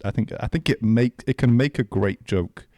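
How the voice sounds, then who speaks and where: A man co-hosting a casual podcast, cracking dry, deadpan jokes and teasing his friend. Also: mid-range voice, normal speed, dry recording. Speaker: podcast co-host. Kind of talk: casual chat.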